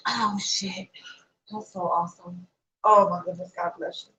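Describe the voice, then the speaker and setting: A woman's voice: on the low side, steady tone, a little slow, sharp tone, rough recording. A woman chatting casually straight to her viewers on a livestream, in a talkative, emotional way. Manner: chatty, talks straight to viewers, emotional and tearful when reading good news. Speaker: vlogger.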